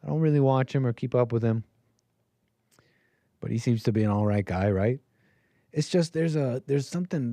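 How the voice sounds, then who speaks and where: A man's voice: mid-range voice, warm tone, no echo. A man hosting a call-in show, rambling and emphatic, often restarting his sentences. His voice sits in an ordinary middle register. It is recorded dry and close on the mic, with no room sound. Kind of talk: casual commentary monologue.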